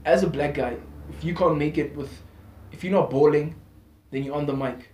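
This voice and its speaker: A man's voice: fairly high pitch, moderate pace, darkish tone, a little hiss or hum. Talkative man in an echoey room. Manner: talkative, slangy, restarts often. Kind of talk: casual chat.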